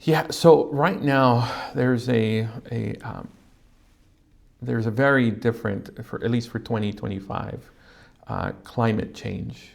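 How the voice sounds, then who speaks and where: A man who pastors a Spanish-speaking church, talking casually on a podcast with frequent pauses and fillers. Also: medium pitch, creaky, a little mellow. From California, USA. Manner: halting, with many fillers and restarts.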